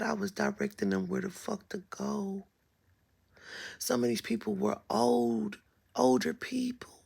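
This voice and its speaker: Very gravelly, husky-voiced woman. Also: fairly high pitch. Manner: emphatic and profane, drops to a whisper at times. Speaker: spiritual vlogger. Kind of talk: casual storytelling on a live stream.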